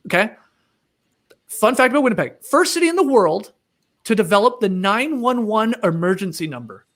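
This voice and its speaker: A man's voice: high-pitched, very animated, normal speed, a bit bright. A man hosting a casual sports chat, joking and reeling off trivia. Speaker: podcast host.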